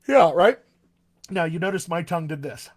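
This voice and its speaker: A man, a dialect coach, teaching a live-streamed voice lesson, chatty and encouraging, slowing right down to lead repeat-after-me drills. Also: a little high.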